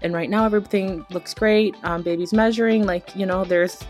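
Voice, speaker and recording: A woman's voice: mid-range voice, fairly even intonation, brisk, darkish tone, faint music behind. A woman hosting a podcast, telling a personal story in a candid, emotional way, with lots of "like" and "you know". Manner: rambling, heavy use of filler words like "like" and "you know". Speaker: podcast host.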